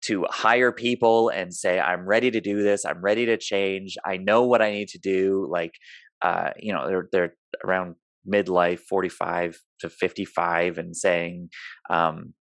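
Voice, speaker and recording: A man's voice: low-pitched, steady tone, unhurried, fairly bright tone, dry recording. A man hosting a podcast interview, talking casually and restarting his sentences as he searches for words. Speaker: podcast host. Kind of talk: conversational interview.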